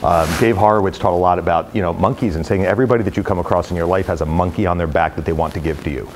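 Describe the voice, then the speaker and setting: A middle-aged man talking casually to a live audience of brokers, an energetic, rambling storyteller with many fillers. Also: low voice, rapid-fire, slight background noise. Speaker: real estate executive speaking to brokers. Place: company headquarters event space.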